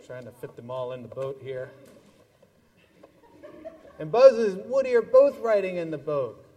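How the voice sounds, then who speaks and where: Brief: man with a slightly high voice, animated children's storyteller in church, long reverb from the sanctuary. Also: measured pace. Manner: animated storytelling with toys, playful. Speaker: pastor leading a children's message.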